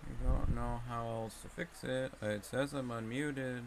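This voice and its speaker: A man's voice: medium pitch, fairly even intonation, measured pace, creaky, noisy background. A young man streaming live, muttering anxiously to himself as he sorts through trading cards. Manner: mumbly, anxious, talking to himself while sorting cards. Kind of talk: casual live-stream chat.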